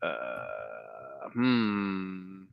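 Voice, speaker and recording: A man's voice: very deep voice, big pitch swings, extremely slow, vocal fry, no echo, highs cut off. A man playtesting a board game who hesitates and thinks his moves through aloud, with many ums. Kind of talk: casual chat during a board game playtest.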